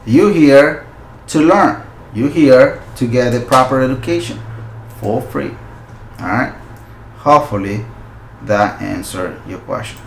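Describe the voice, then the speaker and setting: A male forex channel host giving live market analysis, excitable and slipping into loud hype and exclamations, with non-native English phrasing. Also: medium pitch, a little slow, long pauses, echoey room, a little hiss or hum.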